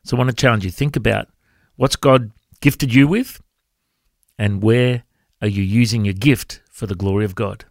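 Earnest gravelly-voiced male radio host. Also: lowish voice, moderate pace, no echo, clean studio sound. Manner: earnest, exhorting, asks the listener questions. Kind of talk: devotional radio talk.

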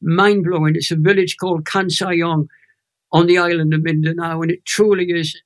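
A man's voice: on the high side, moderate pace. A Welsh man in his eighties, an evangelist emphatically telling a personal faith story in a chat interview. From Wales. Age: 80s. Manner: animated storyteller, emphatic and emotional. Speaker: guest evangelist.

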